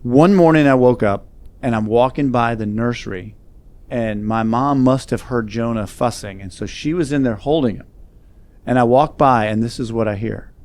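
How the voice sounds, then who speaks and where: A man's voice: mid-range voice, moderate pace, darkish tone, no echo. A man speaking as a guest, telling a personal story in an earnest, reflective way. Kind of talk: storytelling in conversation.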